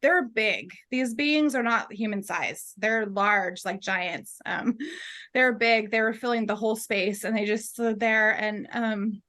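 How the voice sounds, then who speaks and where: Bright-voiced woman telling a tearful story. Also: a little high. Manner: halting, with fillers and soft laughs. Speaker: guest. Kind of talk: emotional personal storytelling in an interview.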